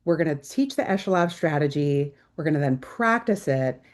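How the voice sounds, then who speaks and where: A woman's voice: sits low, expressive, normal speed, a little mellow. A woman presenting a teaching webinar over a video call, explaining steadily with filler ums. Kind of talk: webinar lecture.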